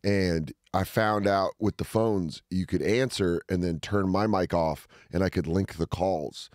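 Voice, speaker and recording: A man guest on a podcast, chatting casually and telling profane stories, often breaking into loud, high-pitched impressions. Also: measured pace, no room sound, studio quality. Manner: profane, laughs through his stories.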